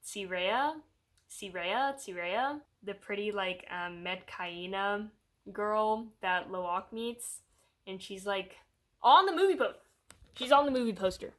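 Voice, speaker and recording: A woman's voice: mid-range voice, slow. Young woman vlogger, chatty reviewer, lots of "like"s, mid-range voice, jumps into quoted voices. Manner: rambling, animated, heavy use of "like"; puts on voices when quoting characters. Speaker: video reviewer. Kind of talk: casual spoken movie review.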